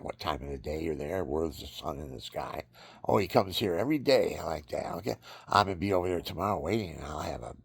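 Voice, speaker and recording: A man with a very low, gravelly voice rambles through a religious monologue, drifting from story to sermon. His tone is husky and roughened, and he suddenly breaks into high, acted-out cries. The sound is close and dry, with no room around it. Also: darkish tone, dry recording.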